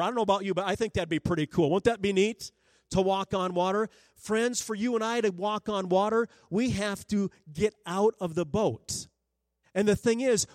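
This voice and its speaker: Male pastor, high-pitched, earnest and pleading, frequent restarts, dry close sound. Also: a little mellow, no room sound. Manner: earnest, pleading, acts out prayers in a raised voice; stammers and restarts often. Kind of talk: sermon. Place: church sanctuary.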